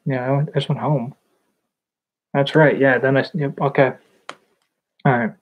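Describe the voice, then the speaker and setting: A young woman telling a personal story in a vlog, hesitant and halting, with nervous laughs. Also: rumbling low, fairly even intonation. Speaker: vlogger. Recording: slightly dull lo-fi recording.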